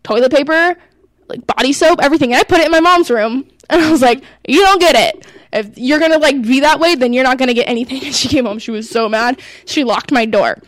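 A young woman co-hosting a talk show, telling a story in a casual, animated way and quoting what people said. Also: high voice, fast talker, dry recording. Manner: animated, quotes herself and others. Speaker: co-host.

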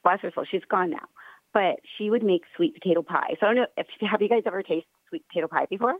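A woman's voice: mid-range voice, fast talker, no echo. A woman guest on a radio show, chatting in a bubbly, rambling way over a phone line. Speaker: guest musician. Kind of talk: casual interview chat.

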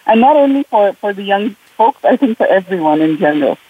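A woman's voice: mid-range voice, expressive, a little fast, slightly rough. A woman joining a talk show remotely as a guest, laughing often and using many fillers. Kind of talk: casual interview chat. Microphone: remote call. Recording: tinny phone-like call line.

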